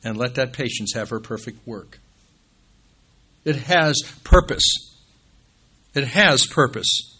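A man preaches a sermon in a church with a bright, forceful tone. His voice climbs to emphatic peaks on key phrases. It falls low and soft whenever he names the next passage. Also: expressive, slow pace, long pauses, breathy edge. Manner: rises to emphatic peaks, drops low and quiet when calling out scripture references. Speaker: pastor.

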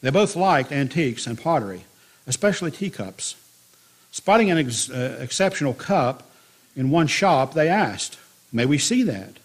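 A man preaching a sermon to his congregation, telling a parable in a lively storytelling manner. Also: normal speed. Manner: storytelling with lively swings in pitch and loudness.

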